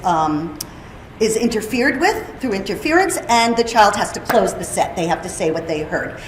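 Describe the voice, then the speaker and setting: A woman's voice: fairly high pitch, slight background noise. Woman presenting in a roomy hall. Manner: explanatory, asks the audience questions. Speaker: presenter on hearing and speech. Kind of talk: conference presentation. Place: conference room. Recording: roomy hall with faint ambience.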